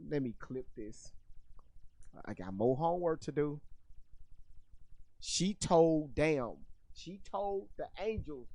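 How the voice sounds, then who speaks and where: A man's voice: a little high, expressive, slow pace, pauses often, mellow, no echo. A man hosting his own channel, giving casual commentary on a video clip in an incredulous way, repeating himself and swearing freely. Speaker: channel host reacting to clips.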